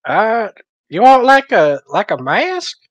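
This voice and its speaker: A woman's voice: medium pitch, big pitch swings, takes it slowly, no echo. A woman playing a tabletop game, speaking hesitantly with many fillers. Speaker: player. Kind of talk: casual in-character play.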